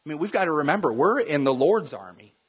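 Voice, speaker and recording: Husky preacher in a echoing church. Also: male voice, fairly high pitch, big pitch swings, quick pace. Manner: conversational, acts out Bible scenes in voices. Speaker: pastor. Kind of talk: sermon.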